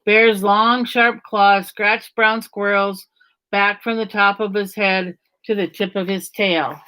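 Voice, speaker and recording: A woman reading a children's story aloud at a gentle, even storytelling pace. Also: mid-range voice, slow pace.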